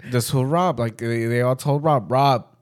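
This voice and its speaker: A man's voice: medium pitch, normal speed. Young male storyteller, casual and foul-mouthed, ordinary middle voice. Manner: profane, animated storyteller.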